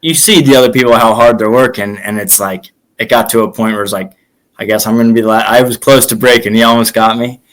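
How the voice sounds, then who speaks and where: A man's voice: on the low side, fast talker, rough recording. A young man, a former college wrestler, casually telling stories as a guest and acting out the quotes. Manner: animated, acts out quotes in stories. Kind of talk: casual storytelling.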